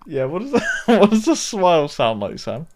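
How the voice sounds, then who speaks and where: A man's voice: on the high side, huge pitch swings, normal speed, darkish tone. A man streaming a game, chatting casually with crude jokes and plenty of swearing. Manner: crude, joking, swears freely. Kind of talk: casual gaming stream chat.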